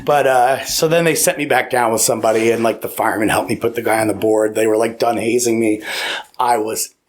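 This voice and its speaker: A man telling stories casually on a podcast as a guest. He is animated, laughs a lot, acts out quotes and swears freely. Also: fairly low pitch, a little fast. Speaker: podcast guest, former paramedic. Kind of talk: casual storytelling. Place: podcast studio.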